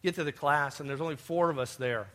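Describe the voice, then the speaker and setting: A man's voice: fairly high pitch, quick pace, fairly bright tone. A man preaching a sermon, telling personal stories and addressing his listeners as beloved. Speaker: pastor.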